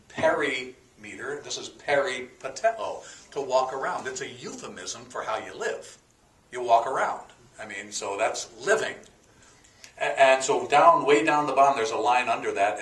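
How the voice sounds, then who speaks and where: A man's voice: mid-range voice, fairly bright tone, recorded from a distance. A man teaching a sermon, explaining words one by one in a folksy way with fillers and a joke. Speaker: pastor. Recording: echoey room, voice from off the mic.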